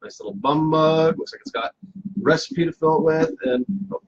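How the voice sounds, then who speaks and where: A man's voice: on the high side, moderate pace, slightly rough, highs cut off. A man hosting a casual live cocktail stream from home, playful and self-mocking, rambling with fillers. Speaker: cocktail show host.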